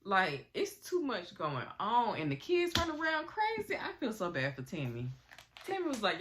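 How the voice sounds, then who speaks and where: A woman's voice: mid-range voice, normal speed, background noise. A woman recapping a TV episode in casual, gossipy vlog commentary, talking animatedly and getting over a cold. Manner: animated, gossipy retelling with slang and acted quotes. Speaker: recap vlogger.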